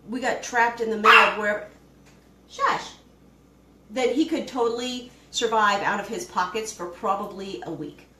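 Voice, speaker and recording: A woman's voice: a little high, a bit bright, echoey room, a little hiss or hum, poor audio. A woman hosting a casual homesteading live stream from her home kitchen, chatting and rambling as she cooks and greets viewers by name. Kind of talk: casual live-stream chat while cooking. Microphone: camera she moves around the kitchen.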